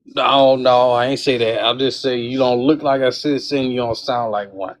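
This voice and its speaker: A man's voice: mid-range voice, fairly even intonation, moderate pace. A man calling into a livestream, arguing politics in a combative, slangy, taunting way. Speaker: caller on a livestream. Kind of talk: heated political debate.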